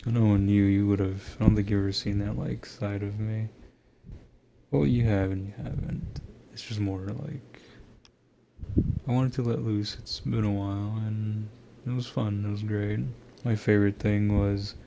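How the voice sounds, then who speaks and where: A man's voice: lowish voice, steady tone, moderate pace, gravelly, long pauses, background noise. A young man chatting casually to his viewers about his gaming, loose and profane, laughing often and rambling with lots of restarts. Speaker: gamer talking to viewers.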